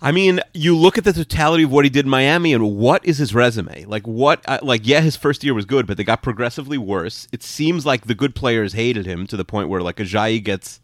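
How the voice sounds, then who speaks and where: A man co-hosting a casual sports podcast, talking in rapid, rambling, opinionated bursts full of "like". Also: mid-range voice, no room sound, studio quality. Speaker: podcast co-host.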